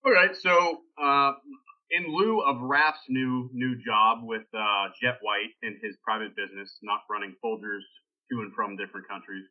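A man's voice: medium pitch, normal speed. A man hosting a casual podcast, rambling and joking loosely before laying out the week's topic, heard over a tinny phone-like line. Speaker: podcast host. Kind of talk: casual chat.

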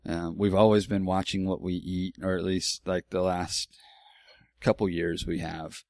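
A man's voice: deep voice, level tone, a little slow, a little mellow, no room sound, studio quality. A man in his forties telling a personal story in a casual, rambling way, candid and with some swearing. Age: 40s. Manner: rambling, candid, with profanity and restarts.

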